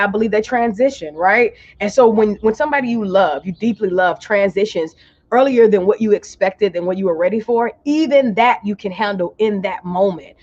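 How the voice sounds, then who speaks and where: Woman coach on a livestream, mid-pitched, warm call-and-response delivery, slightly muffled webcam sound. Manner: encouraging, call-and-response, drawls affirmations slowly. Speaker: life coach. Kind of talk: live-streamed motivational coaching.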